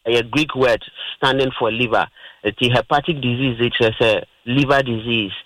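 A man's voice: mid-range voice, steady tone, normal speed, fairly bright tone, no room sound, poor audio. A man with a Ghanaian accent explaining liver disease on a radio health talk, lecturing patiently with everyday examples. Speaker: health expert guest on radio. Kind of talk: radio health talk, mixing Twi and English.

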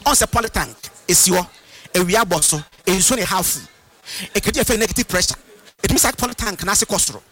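Man, radio health talk guest, high lively voice, bright tone, sing-song lecturing. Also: fairly quick. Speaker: herbal medicine guest.

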